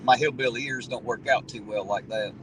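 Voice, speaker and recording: A man talks in a loose, folksy ramble, his voice sitting at an ordinary middle pitch. He is chatting on a livestream from inside a moving car and reading out viewer comments. Clear road and engine noise runs under everything he says. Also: huge pitch swings, a little fast. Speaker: livestream host reading chat. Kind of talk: casual chat. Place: inside a car while driving.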